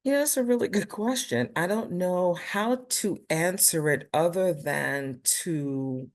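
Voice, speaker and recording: A woman from Brooklyn with a clear New York accent talks about health policy as an interview guest. She is emphatic and animated, with a slightly low voice. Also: takes it slowly. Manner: animated, emphatic storyteller with a playful streak. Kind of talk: panel interview conversation.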